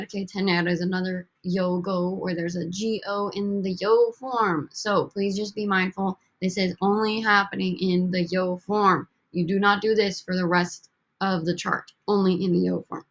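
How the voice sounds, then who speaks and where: A woman's voice: medium pitch, steady tone, moderate pace. A woman teaching a recorded language lesson over slides, upbeat and coaxing as she drills students with prompts. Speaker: Spanish teacher.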